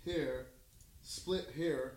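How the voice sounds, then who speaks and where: A man in his thirties from the United States, casually telling a war story, animated and acting out the voices he quotes. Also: on the high side, extremely slow, noisy background.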